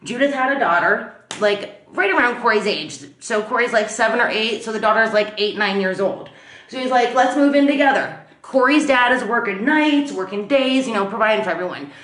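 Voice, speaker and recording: A woman with a slightly high voice recounts a true-crime story in a loose, chatty way. She is blunt and swears casually. The recording has a roomy echo. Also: fairly quick, a bit bright.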